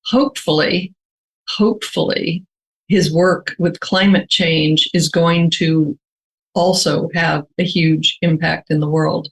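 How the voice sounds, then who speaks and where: An older American woman, an author, answering interview questions in a measured, thoughtful way, slowly stretching her key words. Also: low-pitched, fairly even intonation, vocal fry, poor audio. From United States.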